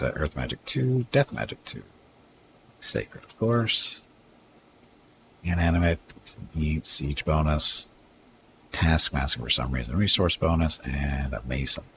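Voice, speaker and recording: Very deep-voiced male streamer. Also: noisy background. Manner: reads unit stats aloud, chats with viewers. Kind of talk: casual live-stream commentary.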